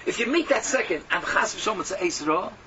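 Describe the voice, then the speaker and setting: A man giving a sermon to a class, mixing in Yiddish and Hebrew terms and swinging from hushed tones to loud exhortation. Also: high voice, expressive, a little fast. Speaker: Torah teacher. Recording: dull lo-fi audio from a distance with faint hum.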